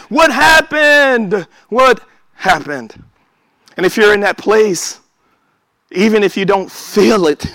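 A man preaching a sermon, animated, swinging from loud exhortation to hushed asides. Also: high-pitched, no echo.

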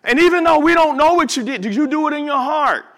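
A male pastor preaches a sermon to his congregation at a church service in a very high-pitched, expressive voice at a quick pace. He stretches out words for emphasis, breaks into sudden shouts, and slips into casual asides to listeners.

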